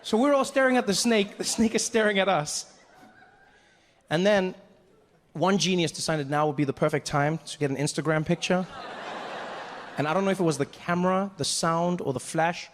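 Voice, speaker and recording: A man's voice: high-pitched, moderate pace, pauses often, slight background noise. A male stand-up comedian telling a story on a comedy stage. He talks into a handheld stage mic and acts out the people in his story. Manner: animated, acts out characters. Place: comedy stage before a live audience.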